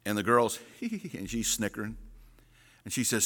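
A middle-aged man, a pastor telling a story and then reading scripture in a sermon, folksy and deliberate. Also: lowish voice, bright, forceful tone. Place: church sanctuary. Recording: reverberant sanctuary.

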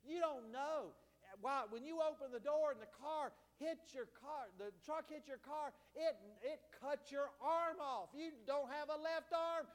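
A man voicing a calm, patient police officer who soothes an upset woman, within a sermon story. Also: extremely high pitch, measured pace, pitched above the performer's own voice. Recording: long hall reverb.

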